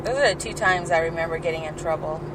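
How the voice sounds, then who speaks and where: A woman's voice: sits low, fast. A woman telling rambling personal stories in a chatty way, full of "like" and "um", while she drives. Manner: chatty, filler-heavy with frequent "like" and "um". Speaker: podcast host. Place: inside a moving car. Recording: car road noise behind voice. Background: car and traffic noise.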